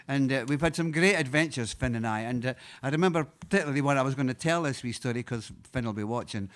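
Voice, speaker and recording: A Scottish man, a singer-songwriter, telling a rambling, halting story between songs, chuckling often. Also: mid-range voice. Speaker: singer-songwriter introducing a song.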